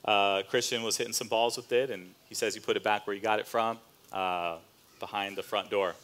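A man pastor preaching a sermon as a relaxed, conversational story, with casual fillers and slang asides. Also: on the low side, fairly quick. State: choked up near the end.

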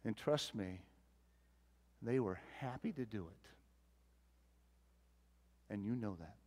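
A male pastor delivering a folksy sermon, swinging between loud emphasis and quiet asides, often repeating words as he thinks. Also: lowish voice, lively intonation, slow pace. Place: church sanctuary.

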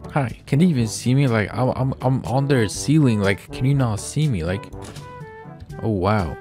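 A man giving excitable, stumbling gameplay commentary as a gaming video host, swearing often and repeating his words. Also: mid-range voice, normal speed, over music. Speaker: gaming YouTuber.

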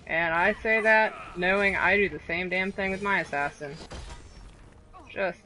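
A woman's voice: medium pitch, measured pace, sharp tone, slight background noise. A woman streamer commenting live on her gameplay, exclaiming and laughing at the action, with sarcastic remarks. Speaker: streamer playing a video game.

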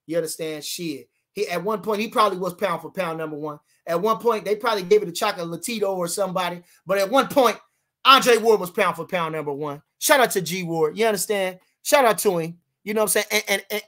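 A man's voice: high-pitched, a little fast, pushed and bright. A man hosting a casual livestream about boxing. He reads viewer comments aloud and answers them in brash, boastful street slang, repeating lines for emphasis.

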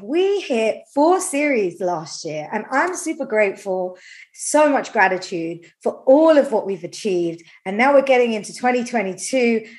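A woman's voice: medium pitch, darkish tone. A woman hosting a podcast, bubbly and effusive, chatting casually with a guest and gushing with gratitude. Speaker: podcast host. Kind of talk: casual interview chat.

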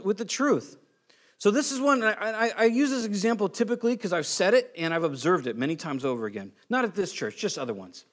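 A man's voice: sits high, fairly bright tone. A male pastor preaching a conversational sermon, acting out quoted voices and restarting phrases often.

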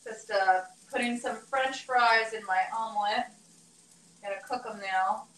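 A woman's voice: fairly high pitch, steady tone, a little slow, a bit bright. Chatty woman in an echoey kitchen. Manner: chatty, rambling, laughs often. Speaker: vlogger doing a live stream. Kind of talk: casual live-stream chat while cooking. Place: home kitchen. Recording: echoey kitchen with dish clatter. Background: clinking cutlery and dishes.

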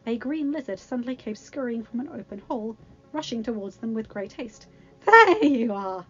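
A woman's voice: a little high, brisk, mellow, husky, muffled recording. A woman reading a fan-written story aloud, narrating plainly and sometimes correcting herself. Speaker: reader.

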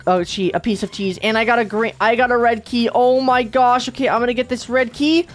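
A young woman playing a video game with a partner, talking excitedly, often gasping and shrieking in alarm. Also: fairly high pitch, fairly quick. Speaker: game player. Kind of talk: excited gameplay commentary.

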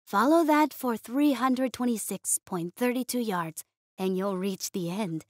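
Small blind mole creature played by a woman, gentle and careful speech. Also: fairly high pitch, measured pace, no room sound, studio quality. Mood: eager.

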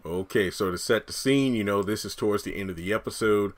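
Guy with a kinda sore throat chatting through a tv recap, lowish voice. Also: brisk. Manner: chatty, animated commentary. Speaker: YouTube TV recap host. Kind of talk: casual commentary.

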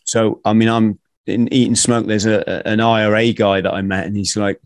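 A man's voice: lowish voice, little pitch movement, normal speed, no room sound, clean studio sound. A man hosting a podcast, chatting informally in a jokey way. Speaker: podcast host. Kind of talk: casual conversation.

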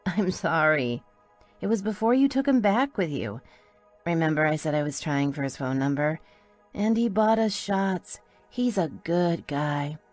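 A woman's voice: low voice, takes it slowly, fairly bright tone, faint music behind, heavily acted. A woman narrator voicing a tipsy young female friend who slurs her words in a bubbly, giddy way. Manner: slurred, bubbly.

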